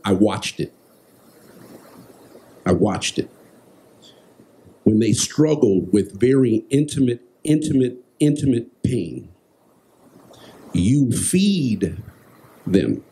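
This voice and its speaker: Slow, mellow-voiced man on a panel. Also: mid-range voice. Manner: measured, repeats phrases for emphasis. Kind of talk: inspirational panel remarks. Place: festival panel room.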